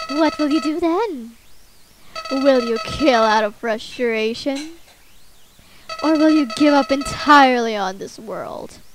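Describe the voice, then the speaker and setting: A woman voicing a creepy, scheming talking flower from a game, reading slowly with mock menace. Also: sits high, noisy background.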